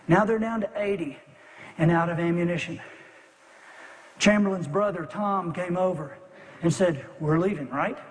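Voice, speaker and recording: High-voiced man telling a story in a hall. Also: normal speed, pauses often. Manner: builds tension, repeats words for emphasis. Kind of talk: dramatic storytelling speech.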